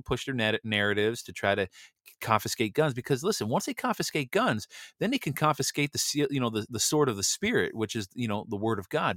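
Man, low voice, indignant and sarcastic, headline commentary, dry close sound. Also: fairly bright tone, no room sound. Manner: indignant, sarcastic, many "you know" fillers. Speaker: host of a news commentary show. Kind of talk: reading and ranting about headlines.

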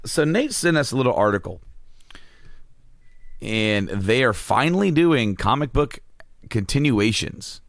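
A man's voice: medium pitch, measured pace, pauses often, dry recording, studio quality. A man co-hosting a casual chat, telling stories with lots of laughs and acted-out quotes. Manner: animated storyteller, laughs often, acts out quotes. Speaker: podcast co-host.

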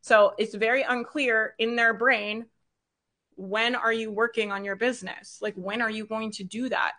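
A woman leads a business training in a bright, forceful voice pitched a little high. She talks in an upbeat, chatty way, laughing often and tagging her points with quick questions to the audience. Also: steady tone. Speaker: business coach. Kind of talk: recorded live business training.

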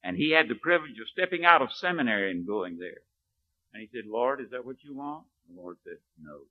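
A man preaching a sermon, telling a story and often dropping to a hushed, low delivery. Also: big pitch swings, fairly quick. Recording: narrow, phone-like lo-fi recording.

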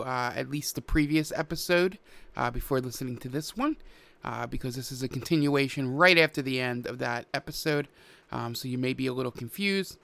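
A man's voice: mid-range voice, gravelly, fairly bright tone, clean tone, no room sound. A man who narrates as game master, speaking hesitantly with many filler words.

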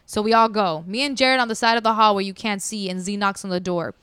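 Woman telling a crazy story, acts out all the quotes, smooth voice, dry sound. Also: medium pitch, steady tone, fast, a bit bright, no echo. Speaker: podcast storyteller. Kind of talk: casual storytelling.

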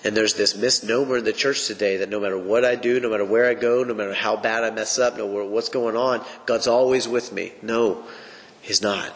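A man's voice: on the low side, fairly even intonation, brisk. A man teaching the Bible on a podcast, preaching in an emphatic, folksy way. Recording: long reverb.

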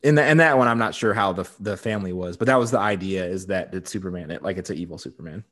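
A man's voice: low voice, fast, a bit bright. Brief: man in a casual podcast chat who recaps the plot and laughs easily. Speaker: podcast co-host.

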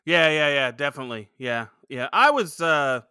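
Lively, bright-voiced man hosting a podcast. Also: a little high, normal speed, smooth, no room sound, studio quality. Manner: joking, laughs often. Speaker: podcast co-host. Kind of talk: casual chat.

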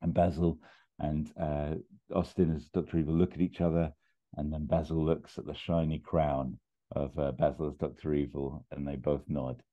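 A man casually pitching a comedy plot, rambling and chuckling with quick put-on voices. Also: flat delivery. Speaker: podcast host pitching a film plot. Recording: tinny phone-like line.

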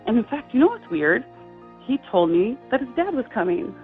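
A middle-aged woman earnestly telling a personal story as a guest, slipping into higher voices when she quotes people. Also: moderate pace, faint music behind. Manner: earnest, lively quoting of dialogue with high acted voices. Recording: tinny phone-like line.

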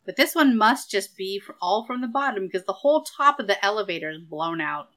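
Bright-voiced wry woman co-host. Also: medium pitch, lively intonation, fairly quick. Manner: laid-back, wry, swears casually. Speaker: podcast co-host. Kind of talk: casual recap chat.

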